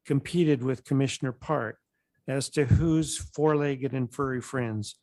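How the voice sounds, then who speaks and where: A man's voice: mid-range voice, steady tone, unhurried, darkish tone, dry recording. Man reading a formal resolution. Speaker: commission chair.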